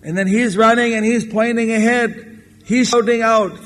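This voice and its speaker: A man giving a storytelling sermon as a spiritual lecturer, unhurried and acting out the characters in his tale. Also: high-pitched, fairly even intonation, fairly bright tone. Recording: 1994 lecture tape with long hall reverb.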